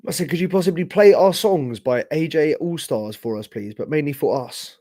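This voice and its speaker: A young man hosting a live football reaction stream, casual and sweary, his voice hoarse from shouting. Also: on the high side, normal speed, slight background noise. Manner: casual, sweary, slangy, talks to chat. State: losing his voice. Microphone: streaming setup with camera.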